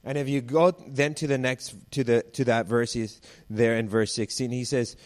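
A man's voice: medium pitch, steady tone, normal speed. A male pastor preaching a sermon in a conversational way. He weaves family anecdotes into scripture and acts out the voices he quotes.

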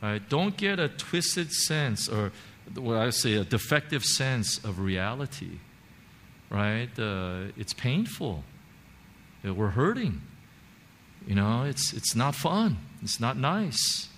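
A man's voice: medium pitch, sing-song, takes it slowly, fairly bright tone. A man preaching a sermon as pastor, earnest and repetitive, with many fillers and restarts. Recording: long hall reverb, faint background noise.

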